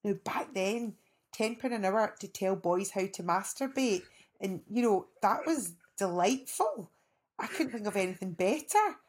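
Woman, Scottish accent, middle-aged, guest on an interview, animated storytelling, rambling asides, medium pitch. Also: a little slow. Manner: animated, rambling anecdotes with restarts. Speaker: actress guest. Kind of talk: casual storytelling chat.

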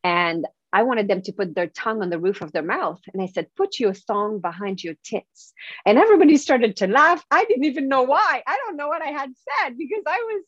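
A woman's voice: high voice, expressive, a little fast, few pauses, no room sound, highs cut off. A woman from Quebec with a French Canadian accent, a native French speaker and professional speaker, talking earnestly as an interview guest. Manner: earnest, eager, with frequent laughs. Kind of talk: podcast interview.

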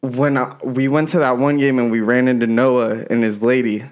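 A man's voice: mid-range voice, level tone, normal speed. A man casually telling profane baseball-fan stories among friends, acting out the people he quotes. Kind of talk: casual storytelling chat.

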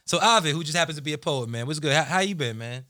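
Podcast host guy, bright kinda high voice, cussing, slangy. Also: quick pace. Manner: slangy, animated, profane. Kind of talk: casual chat.

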